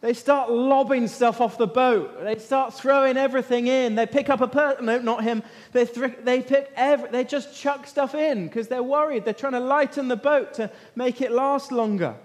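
A man teaching an interactive Bible lesson as an animated storyteller, asking his listeners questions. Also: very high-pitched, normal speed, few pauses. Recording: long echo of a large hall.

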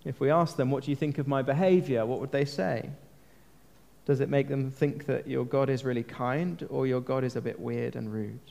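A man's voice: medium pitch, fairly even intonation, normal speed, gravelly, darkish tone. A man preaching a sermon in a church, earnest and conversational, often asking his listeners questions. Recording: long reverb of a large hall.

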